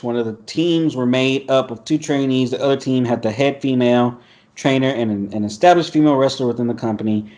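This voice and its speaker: A man's voice: medium pitch, a little mellow. A man hosting a casual podcast over a video call, reading an article aloud and reacting bluntly with profanity. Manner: blunt, profane, laughs often. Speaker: podcast host.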